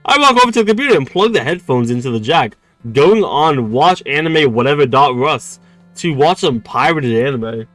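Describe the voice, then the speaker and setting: A man's voice: on the high side, expressive, moderate pace, a bit bright, dry recording, faint music behind. A man streaming a dating game, reading its text aloud and chatting with his viewers in a giggly, stammering way. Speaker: gaming streamer.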